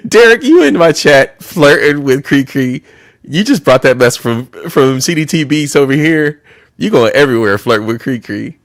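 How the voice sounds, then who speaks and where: Man, streamer, teasing reaction commentary, unhurried. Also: on the high side, very animated. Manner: loose, teasing, laughs often.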